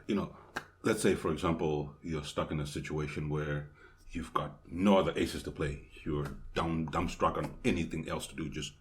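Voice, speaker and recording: A man co-hosting a podcast, talking bluntly and profanely in casual chat. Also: deep voice. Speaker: podcast co-host.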